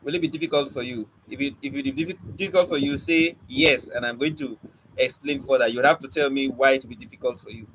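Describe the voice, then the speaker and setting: A man teaches a spoken word poetry class, speaking in quick bursts with a stammer, drilling points and quizzing his students. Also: medium pitch, slight background noise, rough recording. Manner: animated teacher, asks the class questions and drills points by repeating them. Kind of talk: live online class lecture.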